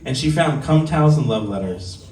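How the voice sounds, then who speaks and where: At a bar open mic, a stand-up comic from Southern California in his forties speaks at normal speed in an animated, mid-range, slightly mellow voice. He shares candid, conversational stories that make fun of himself. The room echoes, the mic is distant, and there's faint ambience.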